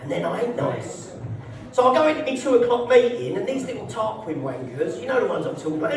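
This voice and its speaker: A man's voice: very high voice, sing-song, a little fast, very echoey, far from the mic. A man performing a live stand-up set in a social club, brash, sweary and mocking. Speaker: stand-up comedian. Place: social club comedy night, indoors.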